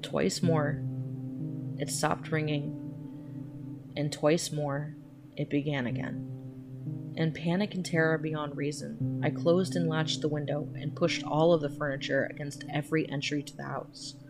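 Low-voiced woman narrating horror. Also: little pitch movement, unhurried, creaky. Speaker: podcast storyteller. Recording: music playing under the voice.

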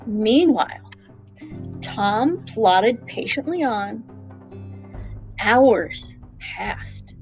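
A woman reading a children's storybook aloud, playful and expressive. She speaks slowly, her voice rising and falling widely on a fairly high pitch. Soft music plays faintly behind her. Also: low-quality recording.

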